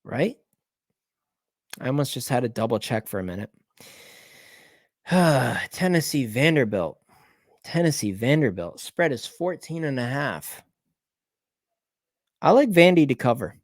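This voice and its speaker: A man's voice: medium pitch, big pitch swings, a little slow, pauses often, dry recording, studio quality. A man hosting a casual solo rundown of his sports betting picks, thinking aloud, rambling and correcting himself as he checks scores.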